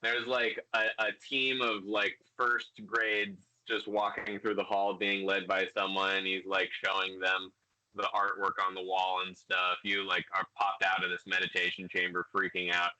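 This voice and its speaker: A man's voice: deep voice, monotone, normal speed, pushed and bright. A young man narrating as game master of a tabletop game, loose and full of fillers. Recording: dull lo-fi home recording.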